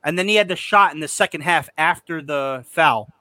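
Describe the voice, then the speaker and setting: A man's voice: fairly high pitch, sharp tone, no echo. A young man co-hosting a football podcast, chatty and joking in casual talk. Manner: chatty, joking, quick restarts. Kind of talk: casual chat.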